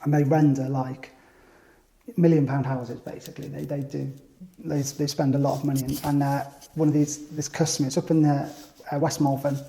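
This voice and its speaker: A man, a business owner telling lively stories in casual chat and acting out other people's voices. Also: medium pitch, normal speed, gravelly. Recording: echoey room.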